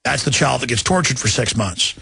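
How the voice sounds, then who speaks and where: A male radio host pours out fervent, impassioned commentary that swells toward shouting. His voice is gravelly and husky at a middle pitch. The sound is dry and close to the mic. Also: expressive, brisk, no echo. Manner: fervent, building to shouted outrage. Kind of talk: ranting political commentary.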